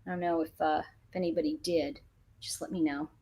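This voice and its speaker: A woman's voice: deep voice, fairly quick, slightly rough. A middle-aged woman hosting a casual livestream, answering viewer comments and telling a story with a lot of laughter. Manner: animated storyteller, laughs often. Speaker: livestream host.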